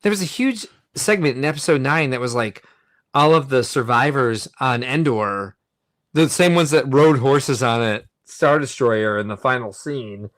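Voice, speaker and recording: A man's voice: medium pitch, a little slow, a bit bright, no room sound. A man co-hosting a casual podcast chat, playful and opinionated, who acts out the people he quotes. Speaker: podcast co-host.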